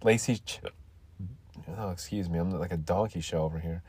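A man's voice: sits low, moderate pace, a little mellow, husky, dry recording, clean studio sound. A man rambling crudely and irritably through a solo podcast monologue while hiccuping. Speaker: podcast host.

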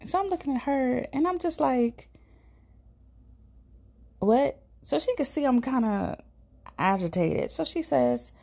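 A woman's voice: sits high, animated, normal speed, vocal fry, a little mellow. A woman with a St. hosting a podcast, telling a personal story in a chatty, casual way, swearing now and then and sometimes dropping to a whisper. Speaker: podcast host.

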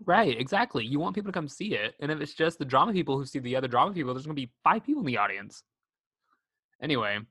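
Podcast host, chatty, giggly, middle pitch, dry close mic. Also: sing-song, quick pace, a bit bright, breathy edge, no echo. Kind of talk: casual chat about a movie.

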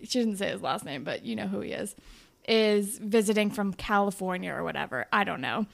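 A woman's voice: mid-range voice, animated, brisk, gravelly. Woman podcast cohost, playful storyteller, says like a lot. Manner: playful storytelling, many "like" fillers. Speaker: podcast co-host. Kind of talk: casual chat.

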